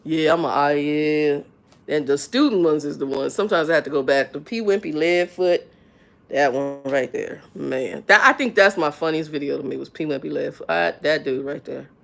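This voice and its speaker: A middle-aged woman chatting casually on a livestream, telling animated, slangy stories about work and repeating herself as she gets riled. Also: sits low, normal speed, gravelly. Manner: animated storytelling, voice jumps up when riled; slangy, frank, repeats words. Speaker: livestream host.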